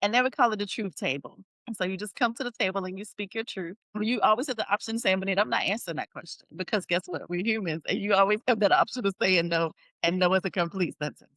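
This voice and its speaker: A woman hosting a podcast, telling stories in a lively casual chat and acting out what people said. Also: medium pitch, fast talker, hardly any pauses, no room sound. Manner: animated storytelling, acts out quotes. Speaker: podcast host.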